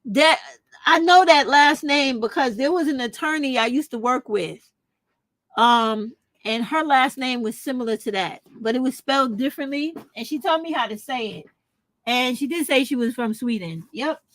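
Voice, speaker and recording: A woman's voice: sits high, lively intonation, normal speed, fairly bright tone, no room sound. A woman vlogger in casual chat, talking straight to her viewers and calling them y'all. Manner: chatty, addresses viewers as y'all. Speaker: vlogger reacting to a video.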